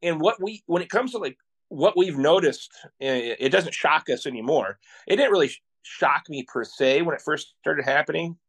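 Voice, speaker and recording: A man from Iowa, a podcast guest, telling travel stories in an animated, excitable way and laughing often. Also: a little high, normal speed, slightly rough. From Iowa, USA. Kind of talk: casual interview storytelling.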